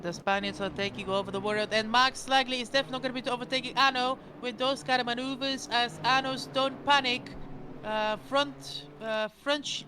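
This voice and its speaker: A high-voiced woman calls a virtual motor race live, excitable and tripping over her words as she corrects herself mid-sentence. Loud noise sits steadily under her voice throughout. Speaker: race commentator. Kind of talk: live sim racing commentary.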